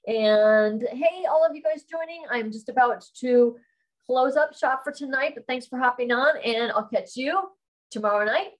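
A woman's voice: mid-range voice, low-quality recording. Woman author reading her novel aloud. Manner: calm, steady reading; chatty sign-off. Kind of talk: live-streamed book reading.

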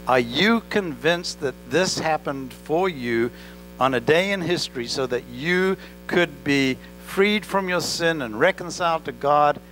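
A man's voice: fairly high pitch, animated, measured pace, fairly bright tone, faint music behind, rough recording. A male pastor preaching an earnest sermon, telling a story with rising and falling emphasis. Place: church. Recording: church recording with electrical hum.

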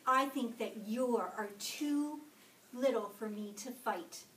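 A woman voicing a grouchy ladybug who shouts and picks fights, reading a storybook aloud to a class. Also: a little high, takes it slowly, slight background noise. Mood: bossy shouting. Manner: shouting, bullying. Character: loud bossy grouchy ladybug picking fights. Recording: echoey classroom from far off.

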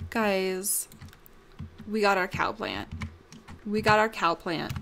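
A woman's voice: mid-range voice, slow pace, creaky, long pauses, fairly bright tone, a little hiss or hum. A young woman hosting a casual gameplay commentary, bubbly and gushing, with lots of ums. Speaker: let's play host.

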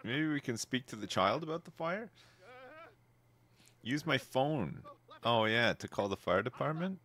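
A man giving casual, wry commentary while playing a life-sim game, laughing often and swinging between amused outbursts and low mutters. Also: lively intonation, a little slow, a bit bright.

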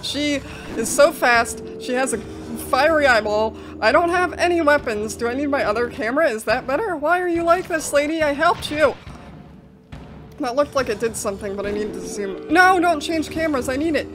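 A young woman with a high voice talks her way through a horror game. She is jittery and panicky, and she keeps breaking into nervous laughter. Faint game music sits underneath her voice. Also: animated, normal speed. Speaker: gaming video host. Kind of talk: horror game let's play commentary.

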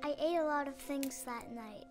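This is a high, young girl's voice, an actress playing her, narrating her diary in a soft storybook way. Faint music plays under the game audio. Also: normal speed, close to an everyday voice. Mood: wistful. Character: hungry ten-year-old girl writing her diary.

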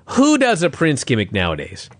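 A male co-host in casual chat, ranting and exasperated, dropping swear words freely. His voice sits fairly high and jumps around a lot. The sound is dry and close. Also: huge pitch swings, moderate pace, no room sound. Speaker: podcast co-host.

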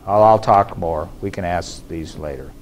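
A man's voice: low-pitched, a little mellow, a little hiss or hum. Man giving an academic lecture. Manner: measured, explanatory, with frequent fillers and restarts. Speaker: scholar giving a conference presentation. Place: conference hall.

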